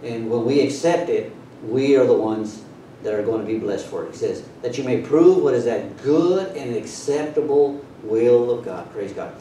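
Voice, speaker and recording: A man preaching a sermon, taking it slow and stretching out the words he wants to stress. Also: warm tone. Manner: unhurried preaching with drawn-out emphasis. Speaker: pastor. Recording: very echoey room, voice from far off, faint rumble.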